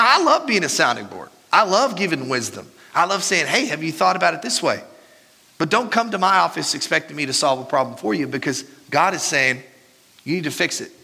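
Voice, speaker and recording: A man in his thirties preaching a sermon as pastor, animated and joking, laughing at his own stories. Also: a little high, vocal fry, husky. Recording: reverberant hall with faint music.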